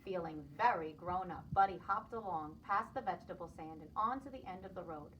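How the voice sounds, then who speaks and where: A woman preschool teacher reading a picture book aloud to children, expressive and lively. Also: lowish voice, fairly quick, distant mic, lo-fi sound, slight background noise.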